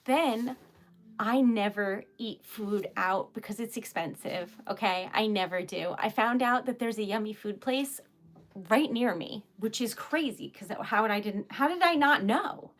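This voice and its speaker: Female streamer, slightly high voice, chatty and giggly, crafting live at home. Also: bright, forceful tone. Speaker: craft livestream host. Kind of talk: casual chat while crafting.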